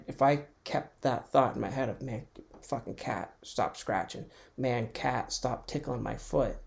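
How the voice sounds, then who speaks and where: Male podcast host, gravel in the voice, mid-pitched, loose rambling solo talk at home with frequent chuckles. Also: darkish tone. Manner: rambling and reflective, restarts thoughts, chuckles often. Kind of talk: casual solo monologue.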